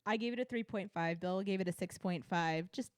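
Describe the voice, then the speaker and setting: A young adult woman co-hosts a relaxed review conversation. She speaks candidly and gives firm opinions, pausing on fillers and restarting her sentences. Her voice sits in a middle range and sounds dry and close to the mic. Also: medium pitch, no echo. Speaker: co-host reviewing theme park events. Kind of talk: casual chat.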